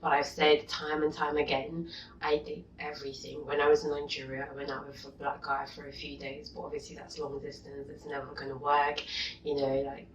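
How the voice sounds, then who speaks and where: A young woman vlogging a rant, exasperated and indignant, going from low muttering to loud outbursts. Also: noisy background. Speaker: YouTuber. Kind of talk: vlog rant reading comments. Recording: dull echoey room, mic at a distance.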